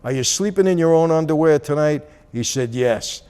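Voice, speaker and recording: Animated man telling a story. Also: on the high side, moderate pace, smooth. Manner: animated, acts out dialogue. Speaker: channel host. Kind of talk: casual storytelling.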